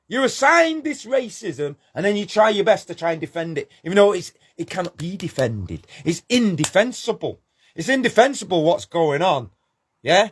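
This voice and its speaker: A man delivering a scornful, preachy monologue, firing rhetorical questions and repeating his points. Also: sits high. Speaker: channel host. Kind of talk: impassioned monologue rant.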